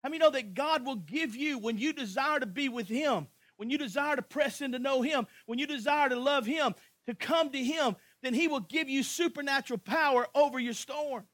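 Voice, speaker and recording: Male pastor, very high voice, impassioned sermon delivery with rhythmic repetition. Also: moderate pace, few pauses, no echo. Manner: impassioned preaching with swings from hushed to shouting.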